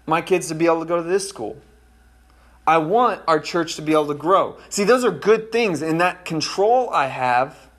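A pastor delivers a sermon in a relaxed, folksy way and keeps checking in with his congregation. His man's voice sits a little on the high side. He often slows down to press a point home, then speeds up as he tells his own stories. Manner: conversational, folksy, addresses congregation directly.

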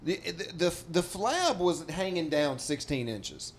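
Profane, animated comic storyteller man. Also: fairly high pitch, unhurried, slight background noise. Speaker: stand-up comedian, podcast guest. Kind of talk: casual chat, comic storytelling.

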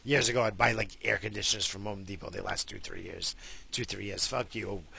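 A man's voice: on the low side, steady tone, brisk, vocal fry, pushed and bright, slight background noise. A man ranting casually to his viewers, swearing constantly and rambling in exasperation. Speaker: vlogger with a wife and kids. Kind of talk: casual rant to camera.

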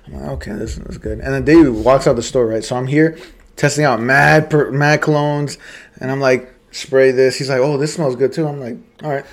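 A man's voice: mid-range voice, fairly even intonation, normal speed. A young man co-hosting a podcast, telling a story in casual, profane chat and laughing along as he goes. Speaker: podcast co-host.

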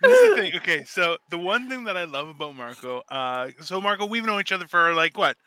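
A man hosting a casual podcast, talking in an animated, profane way and riffing into little voices. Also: high-pitched, fairly quick, smooth, no echo. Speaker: podcast host.

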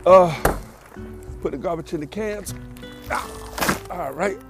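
A man's voice: high-pitched, slow pace, music in the background. A man hosting his own podcast in casual solo chat, rambling and correcting himself, a little out of breath. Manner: rambling, self-correcting, chatty. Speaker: podcast host.

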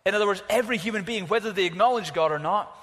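A preacher delivers a sermon with emphatic, animated storytelling. His voice sits a little high for a man. A long reverb trails after every phrase, as in a large hall. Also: rapid-fire.

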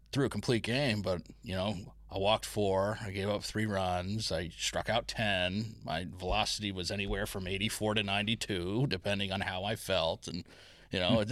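A man who coaches pitching, telling stories in a casual podcast chat, self-deprecating and reflective. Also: fairly bright tone, no echo.

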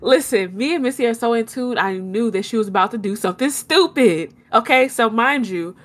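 A young woman, telling a long story in casual chat and acting out her own shouts. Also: a little high, fairly quick.

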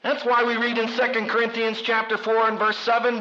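A man's voice: completely flat delivery, fairly quick, hardly any pauses, pushed and bright. A man preaching a sermon with dramatic delivery and humorous asides, acting out quoted voices. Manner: dramatic, acts out quoted voices with big pitch swings. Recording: dull lo-fi recording.

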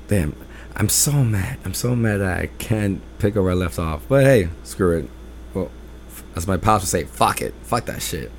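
A man hosting a podcast, telling personal stories in a loud, emphatic, rambling way. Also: low voice, a little hiss or hum. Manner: rambling with restarts and fillers. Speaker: podcast host. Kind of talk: casual personal storytelling monologue.

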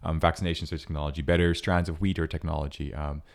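A man's voice: very deep voice, little pitch movement, fast, creaky. A man co-hosting a podcast, talking earnestly and thoughtfully in casual chat, with many fillers. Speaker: podcast co-host.

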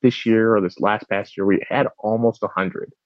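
A man's voice: fairly low pitch, moderate pace, no echo, dull audio. A man from the United States, a guest on a podcast, telling stories animatedly and acting out quotes. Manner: animated storyteller who acts out quotes. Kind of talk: casual chat.

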